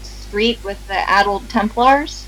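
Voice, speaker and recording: A woman's voice: mid-range voice, slow, fairly bright tone, rough recording. A woman playing in a tabletop game, chatting in a dry, teasing way. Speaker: player. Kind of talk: casual game chat.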